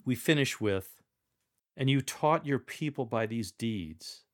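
A man gives slow, careful instructions on how to read a scripture passage aloud. His delivery is deliberate and instructive, and he pauses to perform the verses himself. His voice sits at an ordinary pitch. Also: lively intonation. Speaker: lector coach. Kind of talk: scripture reading coaching.

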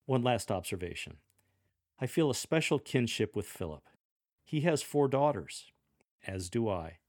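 A man hosting a podcast lesson, coaching scripture readers in a gentle, measured way with the odd dry joke. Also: medium pitch, big pitch swings, no room sound.

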